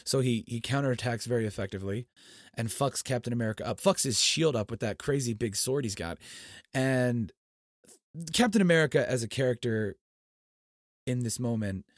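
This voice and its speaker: Guy gushing about a movie, swears a lot, gets loud then quiet, dry close sound. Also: medium pitch, normal speed, no room sound. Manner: animated, profane storyteller with big swings in loudness. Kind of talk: excited casual movie recap.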